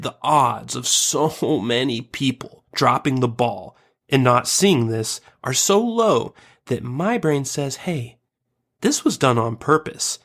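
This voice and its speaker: A man co-hosting a casual podcast, joking crudely and turning over theories out loud. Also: mid-range voice. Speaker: podcast co-host.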